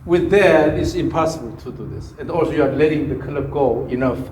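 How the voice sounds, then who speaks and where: A man's voice: medium pitch, brisk, darkish tone. Man coaching a golf swing, echoey room. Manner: instructive, repeats cue phrases, hums swing rhythms. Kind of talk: hands-on swing instruction. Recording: echoey room, faint background noise.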